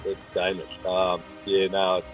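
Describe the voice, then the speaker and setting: A man phoning in to a radio quiz, relaxed and a little hesitant, starting his answers with fillers. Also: low-pitched, a little slow, lo-fi sound, soft background music. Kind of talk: casual phone-in answers.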